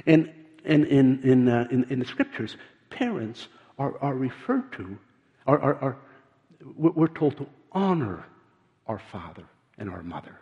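An older man preaching with earnest, halting delivery, stumbling over repeated words. His voice rings out in a long hall reverb, and the recording sounds dull and muffled. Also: medium pitch, sing-song. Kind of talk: sermon.

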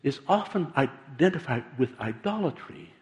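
A man preaching a sermon in an animated, emphatic way, with many repeated restarts. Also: fairly high pitch, normal speed. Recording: long reverb of a large hall.

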